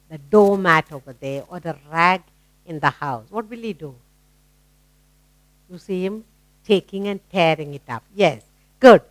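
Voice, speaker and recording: A woman's voice: mid-range voice, no echo. A woman with an Indian English accent teaching young children phonics, coaxing them with questions and praising their answers.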